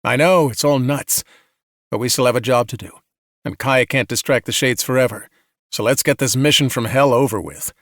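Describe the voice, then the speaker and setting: A man's voice: mid-range voice, normal speed, a bit bright, dry recording, studio quality, close to an everyday voice. A man playing a male soldier who speaks steadily and reassuringly. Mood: earnest. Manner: earnest, reassuring.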